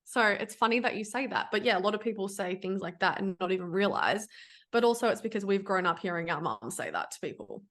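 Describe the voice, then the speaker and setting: Speaking fast with lively intonation, this woman's medium-pitched voice has a fairly bright tone. She's an online fitness coach chatting casually on a podcast, blunt and open, cursing often and filling her speech with fillers.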